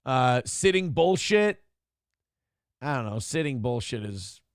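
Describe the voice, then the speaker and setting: A man's voice: medium pitch, very animated, takes it slowly, no room sound, clean studio sound. A man hosting a morning show, giving blunt, profane, ranting commentary on the news and reading out chat comments.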